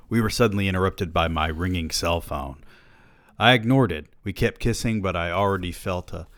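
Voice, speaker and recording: A man with a very low voice reads a novel aloud for his podcast, dry and wry. He breaks in now and then with his own asides. The recording is close and dead, with no room sound. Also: no room sound.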